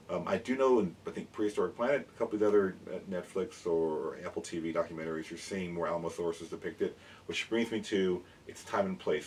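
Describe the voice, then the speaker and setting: A man eagerly explaining dinosaurs in a casual show-and-tell, rambling with quick restarts as he holds up figures. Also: sits low, a little mellow. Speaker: dinosaur educator and toy collector. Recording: mic at a distance, faint background noise.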